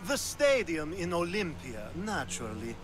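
A flirtatious, foppish Athenian. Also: male voice, a little high, big pitch swings. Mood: suggestive. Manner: teasing, suggestive, drawn-out innuendo. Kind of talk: video game dialogue.

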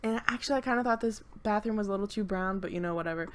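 A woman's voice: medium pitch, very fast, slight background noise. A young woman with a mid-range voice chats through a loose game voice-over, filling her sentences with little fillers and playful bragging. She sounds slightly stuffy-nosed and a touch out of breath. She is talking into a desk mic at home. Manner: rambling, filler-heavy, playfully boastful. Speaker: co-host of a game channel. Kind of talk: casual gameplay voice-over. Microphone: desk microphone at home.

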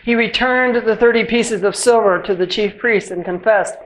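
A church reader giving a measured, solemn reading of scripture at a worship service, slowing at the ends of phrases. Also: mid-range voice, a little hiss or hum, low-quality recording.

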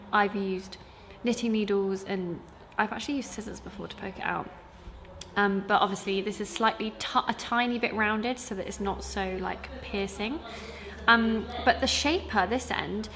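In this casual vlog, a young sewing school owner and teacher tells the camera about her week, chatting away with plenty of fillers. Her voice sits in the mid-range with a slightly bright quality, and there's a little background noise.

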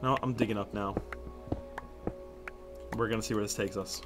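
A young man doing casual Minecraft let's play commentary, excitable and swearing often, with sudden loud outbursts. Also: on the low side, normal speed, loud music behind the voice. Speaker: gaming YouTuber.

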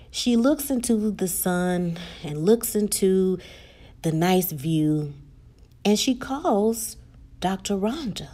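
Animated woman recapping a TV episode. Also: on the low side. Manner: animated storytelling, acts out characters' quotes; frequent "you know" and "like" fillers. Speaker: YouTube TV recapper.

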